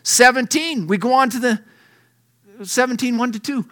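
A middle-aged man delivers a folksy, conversational sermon in a high, bright voice. He reads scripture aloud and acts out the lines with lively energy. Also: normal speed. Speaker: pastor.

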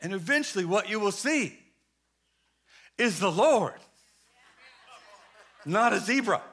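A man preacher giving a humorous, animated sermon, swinging between hushed lines and shouted ones. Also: high-pitched, slow pace, slightly rough.

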